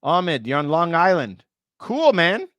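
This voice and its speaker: A real estate broker chats casually on a livestream, answering viewers by name and tossing in quick asides. His voice is fairly high, very animated and a bit bright, but it's giving out from all the talking. The recording is dry.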